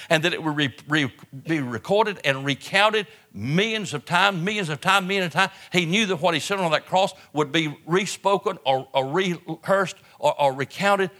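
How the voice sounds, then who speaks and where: A man delivering a sermon in an auditorium, with impassioned preaching that swings from hushed, low phrases to loud outbursts, often repeating words and restarting phrases. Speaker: pastor. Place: auditorium with an audience.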